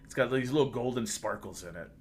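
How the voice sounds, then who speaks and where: Narrating as game master for a tabletop game on a livestream, a man with a mid-range voice speaks quickly and laughs often, stumbling now and then.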